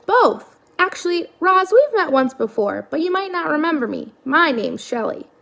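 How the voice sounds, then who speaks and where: Woman playing a sociable female otter, talkative, higher voice, slightly gravelly, storybook. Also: sing-song, normal speed, fairly bright tone, heavily acted. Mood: chatty. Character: friendly chatty female otter.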